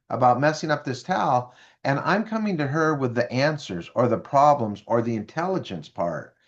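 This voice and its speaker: In a muffled recording, a man in his fifties with a mid-range voice appears as a business speaker and interview guest. He tells stories in an animated way, acting out the voices of the people he quotes.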